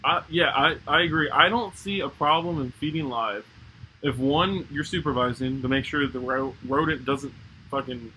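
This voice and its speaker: A young man with a bright, forceful voice co-hosts a casual podcast chat. He tells stories in an animated way, swears freely, and laughs as he talks. A faint hum sits behind him. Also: mid-range voice, normal speed, rough recording. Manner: animated storyteller, swears often, laughs while telling stories. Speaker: podcast co-host.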